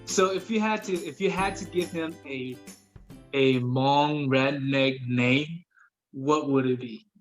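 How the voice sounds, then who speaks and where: A man hosting a casual interview, upbeat and chatty, quick to laugh and cheer his guests on. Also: medium pitch, faint music behind. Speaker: podcast host.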